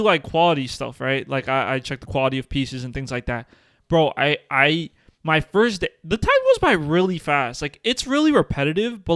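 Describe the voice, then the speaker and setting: A man's voice: a little high, a bit bright, dry recording, studio quality. A young man in his twenties co-hosting a podcast, telling stories in casual chat with slang, fillers and frequent laughter. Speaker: podcast co-host.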